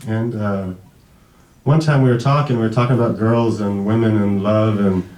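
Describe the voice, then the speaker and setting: A man in his thirties giving an emotional tribute speech at a memorial event, halting and full of restarts, sometimes fighting back tears. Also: on the low side, steady tone, darkish tone. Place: event hall. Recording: echoey hall, far from the mic.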